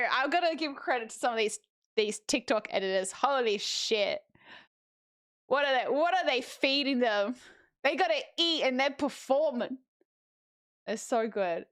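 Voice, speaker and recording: A woman's voice: on the high side, expressive, normal speed, fairly bright tone. A young adult woman streaming, chatting casually in a slangy way and laughing easily. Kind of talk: casual chat.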